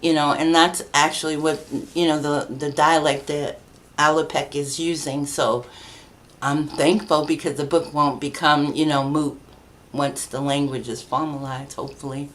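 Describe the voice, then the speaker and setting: A middle-aged woman from Massachusetts talks in a low, chatty voice. She tells stories with frequent laughs and acts out the people she quotes, in a relaxed, conversational way. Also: normal speed. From New Bedford, Massachusetts, USA. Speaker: guest, children's book author. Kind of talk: casual conversational storytelling.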